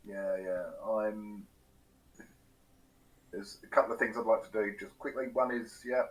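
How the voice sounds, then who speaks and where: A man at a tabletop game, speaking as a player. His voice is on the low side, and he talks casually, hesitating as he asks the game master questions. His tone stays conversational throughout. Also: steady tone, unhurried, low-quality recording.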